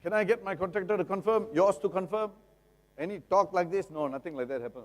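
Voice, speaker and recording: A middle-aged man with a Singaporean English accent gives a lively, jokey seminar talk, often asking the audience rhetorical questions. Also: high voice, fairly quick. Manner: jokey, acts out buyers and sellers. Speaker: lawyer giving a seminar talk. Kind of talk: seminar lecture. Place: seminar hall. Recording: long reverb of a seminar hall.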